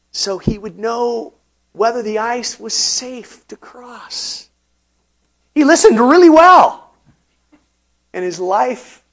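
Unhurried, high-voiced male pastor. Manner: unhurried and emphatic, with pauses and repeated words. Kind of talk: sermon.

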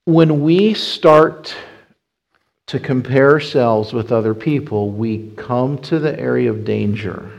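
A man's voice: mid-range voice, slow pace, vocal fry, poor audio. A man preaching in a church, talking in a conversational way, restarting phrases often as he explains. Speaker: pastor. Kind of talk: sermon.

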